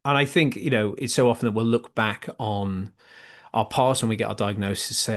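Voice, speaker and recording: A man's voice: fairly low pitch, steady tone, a little fast. A man hosting a podcast interview, effusive and openly emotional with his guest. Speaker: podcast host.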